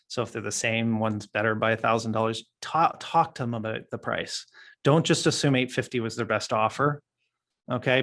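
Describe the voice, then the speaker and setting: A man's voice: mid-range voice, fairly bright tone. A man leading a training session for new real estate agents, talking casually and acting out client conversations with plenty of fillers.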